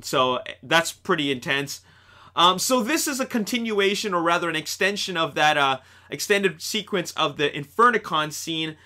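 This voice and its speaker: A man hosting a casual video review, talking excitably and rambling with lots of fillers and restarts, recorded at home on a desktop microphone. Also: fairly high pitch, moderate pace. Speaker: host of a movie news channel. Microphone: desktop USB microphone.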